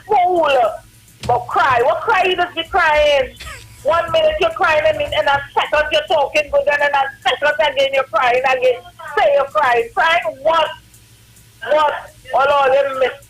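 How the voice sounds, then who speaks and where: A woman's voice: high-pitched, poor audio. Fiery Trinidadian woman ranting about politics. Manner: fiery, preachy, mocking. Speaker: live-stream guest. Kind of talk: political rant.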